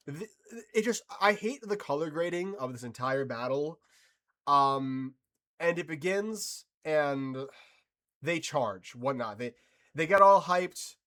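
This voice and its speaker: A man with a fairly bright, slightly high voice gives casual reaction commentary on a TV episode. He's exasperated and swearing, often trying to compose himself after fits of laughter.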